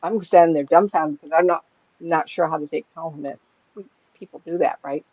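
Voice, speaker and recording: An older woman, a psychic medium, telling anecdotes in a chatty, animated way and laughing often as she talks. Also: low voice, brisk, husky, no echo. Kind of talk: casual storytelling in an interview. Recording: dry, slightly dull lo-fi sound.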